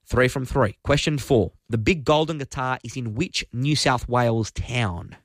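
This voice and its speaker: A man hosting a live radio quiz, upbeat, friendly and brisk. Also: mid-range voice, no echo, clean studio sound. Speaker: radio host. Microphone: studio microphone.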